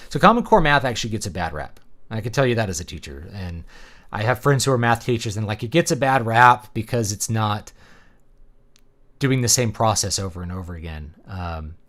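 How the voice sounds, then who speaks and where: A man's voice: fairly low pitch, expressive, brisk, a bit bright. A man who is a teacher and author, chatting casually and rambling while he plays a game, with lots of ums and opinions. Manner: rambling, opinionated, full of fillers. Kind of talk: casual chat over gameplay.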